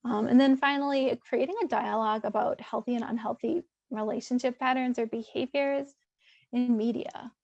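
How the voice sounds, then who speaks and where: A woman's voice: fairly high pitch, steady tone, moderate pace, creaky, a little mellow, no echo, lo-fi sound. A woman therapist presenting a webinar in a loose, conversational way, with many fillers and restarts.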